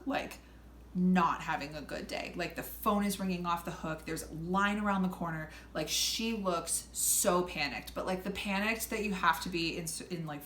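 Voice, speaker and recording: A young woman telling a story in a casual chat, loud and animated, swearing freely and acting out the people she quotes. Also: fairly low pitch. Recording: echoey room, faint background hum.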